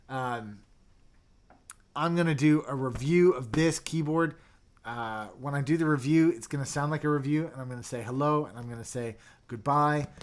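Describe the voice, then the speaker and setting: A young man hosting a casual livestream, chatty and excitable, reading viewer comments and dropping into mumbled asides. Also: on the high side. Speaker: livestream host reviewing keyboards.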